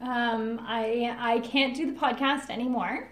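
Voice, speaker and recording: A woman co-hosting a podcast, playful, trading short quick reactions. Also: on the high side, steady tone, fairly bright tone. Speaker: departing podcast co-host. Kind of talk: casual chat. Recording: echoey room.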